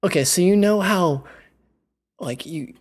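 A man's voice: high voice, unhurried, husky. A man co-hosting a casual chat, playful and teasing, telling a rambling story.

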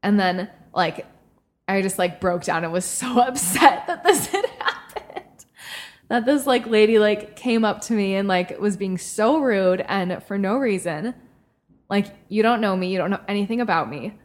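A woman's voice: medium pitch, lively intonation, moderate pace, faint music behind. A young woman co-hosting a podcast, telling a story in a rambling, casual way, full of "like" fillers and the odd swear. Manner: chatty, frequent "like" fillers, swears. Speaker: podcast co-host.

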